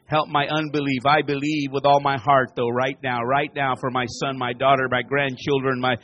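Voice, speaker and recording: A pastor delivering a sermon and altar call, repeating phrases and rising to near-shouts as he preaches. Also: medium pitch, flat delivery, moderate pace, muffled recording.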